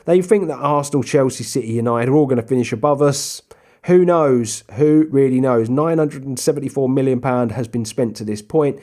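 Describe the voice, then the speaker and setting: A young adult gaming YouTuber chats his way through a football management game in a relaxed Let's Play, speaking fairly quickly at an ordinary middle pitch. He rambles casually but erupts into loud, excited play-by-play shouting whenever a goal goes his way.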